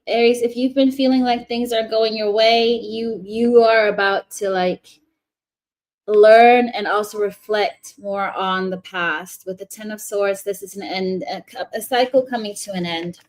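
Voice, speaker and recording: A woman's voice: fairly high pitch, fairly even intonation, a little slow. A woman giving a casual live tarot reading, chatty and rambling, often restarting her sentences. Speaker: tarot reader.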